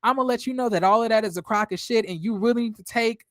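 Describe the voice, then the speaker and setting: A woman's voice: fairly high pitch, fast talker, no room sound, clean studio sound. A woman casually recapping a reality TV episode, talking bluntly and chatty, with frequent laughter and cursing.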